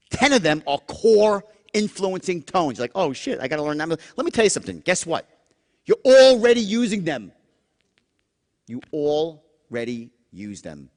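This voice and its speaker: High-pitched, lively male sales trainer, profane, swings into whispers, reverberant hall. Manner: animated, profane, acts out tones with sudden whispers. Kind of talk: live seminar talk. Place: large seminar room.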